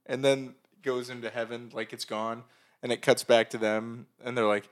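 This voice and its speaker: There's a flat delivery to this mid-range male voice, which moves at a normal speed. He's a young podcast co-host in a relaxed chat, joking around and swearing without restraint.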